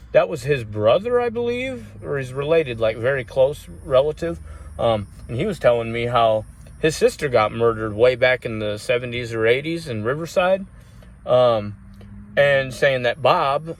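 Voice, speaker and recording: A man vlogging, telling rambling personal stories in a casual way, swearing often and using many fillers. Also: mid-range voice. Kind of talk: casual storytelling.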